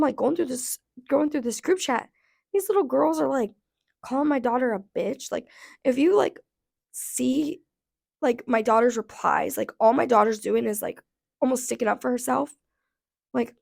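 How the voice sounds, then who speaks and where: A woman in her thirties telling a casual storytime rant, blunt and profane, her voice going hoarse, with lots of "like" fillers. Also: sits high, darkish tone. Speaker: vlogger.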